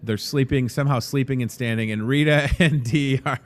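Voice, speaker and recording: A man hosts a casual live promo show from inside a grocery store, joking and rambling in an upbeat way. He speaks at medium pitch and normal speed.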